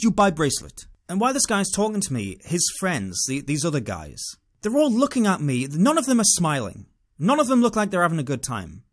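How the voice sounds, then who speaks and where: A British man tells a personal story to camera, sardonic and animated. His voice sits somewhat high for a man and swings widely up and down as he dramatizes each moment. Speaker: vlogger. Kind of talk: casual storytelling monologue.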